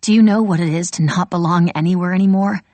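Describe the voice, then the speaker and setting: A woman voicing a brisk, sharp-tongued young woman who talks in a quick, teasing, blunt way. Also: lowish voice, fairly even intonation, dry recording, close to an everyday voice.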